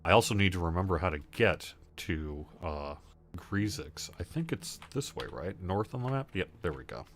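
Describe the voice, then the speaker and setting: A man's voice: low-pitched, lively intonation, moderate pace, fairly bright tone, a little hiss or hum. A man hosting a casual gaming livestream, chatting loosely and answering viewer questions as he plays. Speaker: livestream host.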